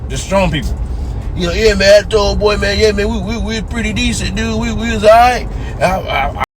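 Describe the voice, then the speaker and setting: A man in his twenties tells a story from inside a car, speaking fairly quickly in a voice that sits high. He's casual and profane, animatedly acting out the voices of the people he quotes, while vehicle and street noise from outside the noisy car carries into the recording.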